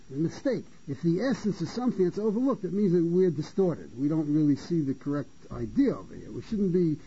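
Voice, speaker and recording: A man's voice: a little high, warm tone, slightly rough. A man teaching a Torah lecture, stopping to repeat and restart phrases, and asking questions that he then answers himself. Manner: poses rhetorical questions and answers them. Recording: dull lo-fi recording.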